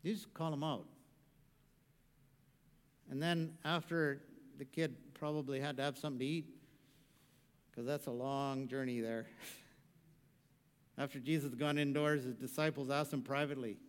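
A man preaching a sermon, swinging from hushed, low passages to loud, rising exhortation. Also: fairly even intonation, unhurried, pauses often, smooth, in a large hall. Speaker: pastor.

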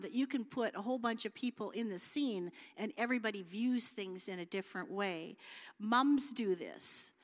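A middle-aged woman speaks at church in a friendly, homely, chatty way, full of fillers and restarts. Her voice sits at an ordinary pitch for a woman. A long reverb hangs behind her words, as in a large hall. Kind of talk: informal sermon with slides.

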